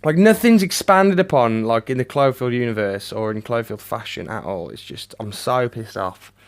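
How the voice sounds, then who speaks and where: A man giving a ranting, sardonic movie review, swearing a lot and swinging between flat mutters and loud outbursts. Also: fairly low pitch, a little fast.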